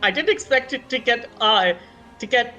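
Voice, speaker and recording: A tabletop game player with a bright, forward voice. They explain their character's plans in chatty, rambling asides. Faint music plays behind them. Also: medium pitch, expressive, moderate pace, highs cut off.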